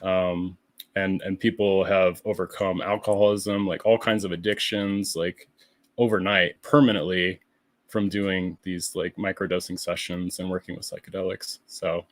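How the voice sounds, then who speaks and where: Man, low deep voice, relaxed guest talk, filler words, dry close mic. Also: moderate pace, no echo. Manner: relaxed, thoughtful, many fillers. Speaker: podcast guest, artist. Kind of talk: casual chat.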